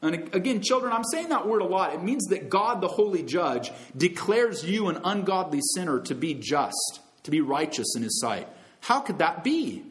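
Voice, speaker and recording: A man preaching a sermon as pastor, emphatic, rising to loud high peaks and dropping low and soft, calling his listeners friends and brothers and sisters. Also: sing-song, normal speed.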